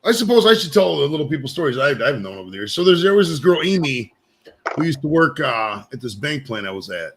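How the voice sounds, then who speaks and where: Fast-talking man telling stories. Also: a little high, very animated, background noise. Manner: quick storyteller, says "bro" often. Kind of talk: casual chat.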